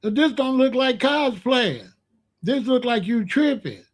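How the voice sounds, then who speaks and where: A man giving casual, animated commentary with emphatic repetition and sudden loud outbursts. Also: extremely high pitch, a little slow. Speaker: commentary vlogger.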